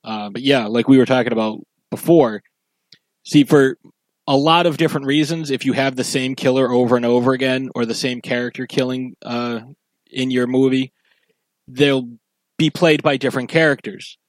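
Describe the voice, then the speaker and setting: A man co-hosting a casual podcast, talking in a relaxed way with many fillers. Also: medium pitch, normal speed, dry recording. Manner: relaxed, filler-heavy with frequent "uh". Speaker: podcast co-host.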